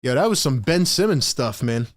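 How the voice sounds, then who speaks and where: A young man hosting a fan live stream, calling the game play by play with excitable, frustrated energy and talking to his chat. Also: medium pitch, fairly quick. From Philadelphia area.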